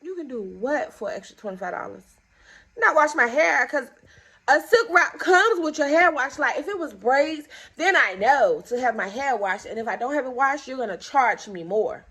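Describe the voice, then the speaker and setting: A woman's voice: high voice, moderate pace, breathy edge. A young woman telling a story time to her viewers in a casual, indignant way, acting out both sides of each exchange. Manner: animated, acts out both sides of conversations; indignant, exasperated.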